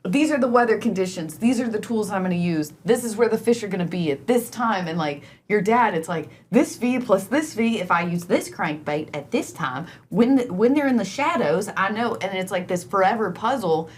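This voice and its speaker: A woman's voice: medium pitch, moderate pace, hardly any pauses, a little hiss or hum. A woman co-hosting a comedy podcast, telling stories animatedly and acting out what people said. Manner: animated storyteller, acts out quoted voices. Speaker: podcast co-host.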